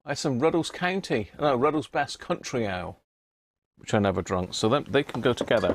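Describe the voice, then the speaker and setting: Gravelly chatty man on a live stream. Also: medium pitch, big pitch swings, a little fast. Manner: chatty, chuckling, reads labels aloud. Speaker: livestream host. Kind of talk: casual live-stream chat.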